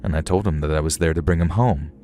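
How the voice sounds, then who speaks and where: Very deep-voiced man telling a story. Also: fast talker, mellow, faint music behind. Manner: dry, wry, conversational storytelling. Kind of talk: first-person horror story narration.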